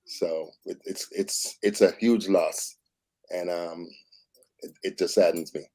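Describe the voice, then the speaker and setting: A male co-host on a morning news show with a deep, low voice and a mellow, dark tone. He talks in a relaxed, conversational way, sometimes stammering and restarting before making his point. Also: takes it slowly. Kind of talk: casual talk-show commentary.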